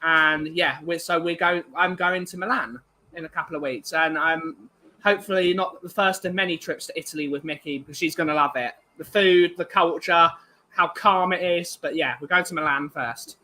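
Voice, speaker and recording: A man's voice: on the high side, moderate pace, pushed and bright. A young man co-hosting a casual livestream, rambling with lots of fillers and restarts while reading out viewer comments. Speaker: livestream co-host.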